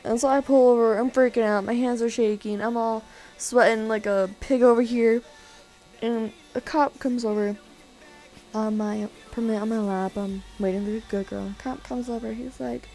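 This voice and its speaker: Excitable teen girl telling a story. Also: a little high, moderate pace, soft background music, rough recording. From California. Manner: animated, excitable, giggly storytelling. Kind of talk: casual storytelling vlog.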